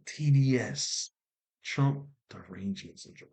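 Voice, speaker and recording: A man talking casually to camera as a commentary host, animated and repeating points for emphasis. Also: medium pitch, unhurried. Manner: animated, repeats himself for emphasis, jokey asides. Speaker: commentary YouTuber.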